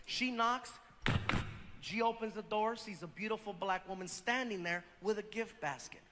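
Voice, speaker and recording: A man telling a stand-up story, animated and acting out voices. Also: high-pitched, moderate pace, in a large hall. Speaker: stand-up comedian.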